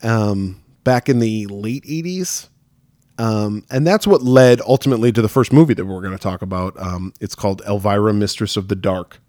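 Rambling low-voiced male podcast host. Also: normal speed, a little mellow, dry recording, studio quality. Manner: rambling, many fillers. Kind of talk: casual chat.

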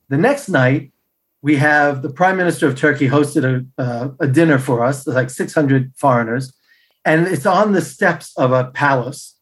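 A man telling stories as a podcast guest, acting out the people he quotes with big jumps in pitch and laughing as he goes. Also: moderate pace. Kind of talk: casual storytelling.

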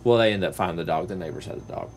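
Animated man telling a story. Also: rapid-fire, a little hiss or hum. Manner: animated, acts out quoted voices in a higher pitch. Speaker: podcast host and real estate agent. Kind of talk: casual storytelling chat.

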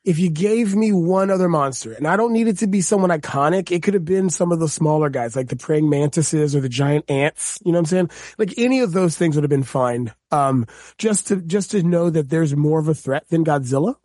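A man co-hosting a podcast, chatting casually and telling jokes with animated energy. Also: fairly high pitch, a little fast, no room sound, studio quality. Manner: animated, joking storyteller. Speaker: podcast co-host. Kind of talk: casual chat.

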